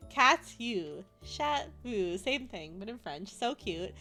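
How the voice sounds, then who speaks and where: A woman's voice: medium pitch, big pitch swings, slow pace, pushed and bright, soft background music. A woman streamer chatting casually, breaking into frequent giggles as she talks. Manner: giggly, laughs often, chatty. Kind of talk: casual chat.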